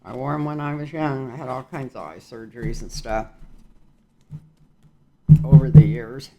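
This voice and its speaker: An older man with a mid-range, dark-toned voice gives a casual tarot reading at a moderate pace. He rambles in a folksy manner, dropping in chuckling asides.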